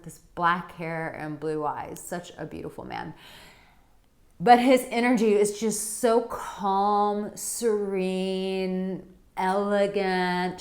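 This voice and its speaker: A woman dating coach talking straight to her viewers, chatty and animated as she tells a personal story. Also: fairly low pitch. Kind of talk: direct-to-camera advice vlog.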